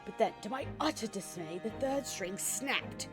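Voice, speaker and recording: Pompous male sleuth voiced by a woman, bad British accent, theatrical and lively. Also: mid-range voice, normal speed, close to an everyday voice. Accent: put-on British, admittedly bad. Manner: grandiloquent, theatrical pronouncements. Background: game music.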